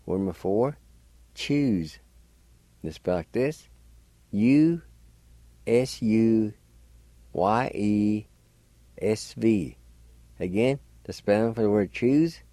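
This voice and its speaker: A man's voice: on the low side, lively intonation, slow, long pauses, warm tone, no echo. A man teaching language on the radio, patiently spelling out and pronouncing words letter by letter. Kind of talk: slow spelling and pronunciation lesson.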